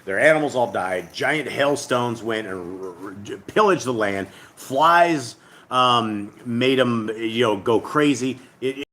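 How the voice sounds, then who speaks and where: A man's voice: mid-range voice, animated, takes it slowly, a bit bright. A man hosting a casual livestreamed Bible study, reading scripture aloud and explaining it in a rambling, conversational way.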